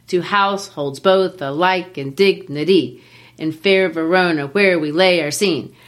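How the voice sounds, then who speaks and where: Tapping out rhythms aloud as she talks, a woman co-hosting a podcast gives a casual, enthusiastic explanation of a play. Her voice is fairly low in pitch with a fairly bright tone, suited to this informal literary chat.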